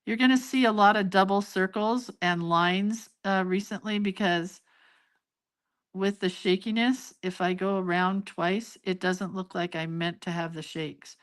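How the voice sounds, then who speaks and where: A woman's voice: medium pitch, fairly even intonation, a little slow. An older woman hosting a casual live drawing lesson, chatting and laughing at her own mistakes as she goes. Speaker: hand-lettering and doodling teacher.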